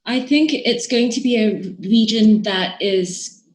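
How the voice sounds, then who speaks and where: A woman guest expert giving measured podcast interview answers, with frequent fillers and restarts. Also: on the high side, reverberant.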